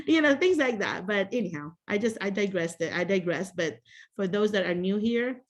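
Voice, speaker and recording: A woman's voice: medium pitch, lively intonation, moderate pace. Woman host, video call, chatty and laughing, casual advice to teachers. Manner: chatty, laughs often, many fillers and restarts.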